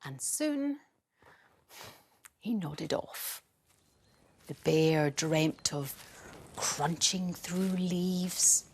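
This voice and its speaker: Gentle, slow bedtime storyteller woman. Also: fairly low pitch, lively intonation, breathy edge. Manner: gentle, soothing and playful.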